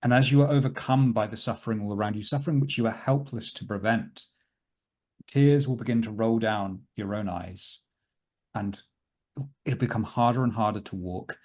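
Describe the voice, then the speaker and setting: A man running a tabletop game as game master. He narrates scenes slowly and dramatically. His voice sits somewhat low. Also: darkish tone. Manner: slow, dramatic descriptive narration.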